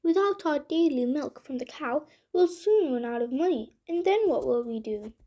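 Storybook boy Jack, played by a woman, raised pitch, eager and impulsive. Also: animated, normal speed, dark tone. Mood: worried. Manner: stammering when upset.

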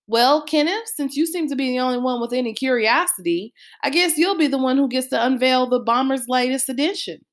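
A woman voicing a playful father who hams up a grand salesman pitch. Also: fairly quick, hardly any pauses, lightly acted. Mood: teasing. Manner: mock salesman patter, grandiose.

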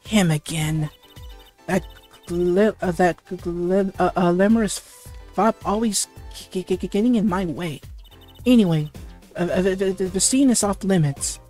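Reader doing a gruff cop guy, impatient, raised pitch, stammering, faint music behind. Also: measured pace, a little mellow, close to an everyday voice. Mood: irritated. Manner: brusque, stammering. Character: gruff, impatient male police officer.

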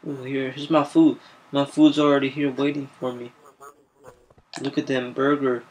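A man's voice: mid-range voice, little pitch movement, moderate pace, darkish tone, natural voice, poor audio. A man voicing a hot-tempered, whiny police officer in a game video, stammering, making demands and panicking easily. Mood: casual. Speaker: machinima voice actor. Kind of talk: improvised game machinima.

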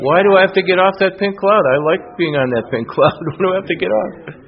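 A man in a recovery workshop who reads a passage aloud and chats in a relaxed, agreeable way. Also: sits high, fast, vocal fry. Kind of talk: reading aloud and casual chat. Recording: tinny phone-like sound with faint hiss.

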